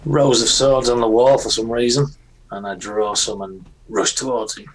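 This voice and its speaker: A man's voice: mid-range voice, steady tone, moderate pace, a little hiss or hum, low-quality recording. A man playing his character in a tabletop game, speaking dramatically and solemnly. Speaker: player. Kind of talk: in-character tabletop role-play.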